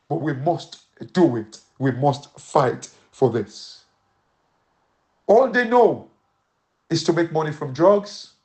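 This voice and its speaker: Rallying Sierra Leonean Krio-speaking man. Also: on the high side. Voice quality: mixes Krio pidgin and English. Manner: rallying, repetitive exhortations. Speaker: commentary show host. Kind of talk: impassioned economic commentary.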